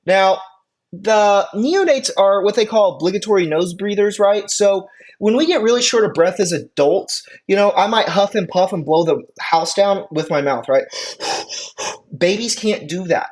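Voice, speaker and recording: In a relaxed, talkative style, an EMT course instructor delivers a classroom lecture at a moderate pace in a mid-range voice. He drifts into conversational asides and checks in with the class often.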